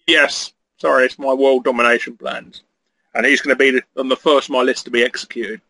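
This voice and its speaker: A man as an interview guest, trading deadpan, mock-menacing jokes in casual chat. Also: medium pitch, a little fast, creaky, no room sound, low-quality recording.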